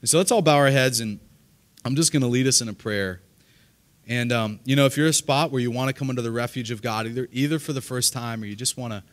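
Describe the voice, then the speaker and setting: Earnest male pastor preaching a sermon. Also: medium pitch. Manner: earnest, repeats words when starting sentences. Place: church service, live congregation.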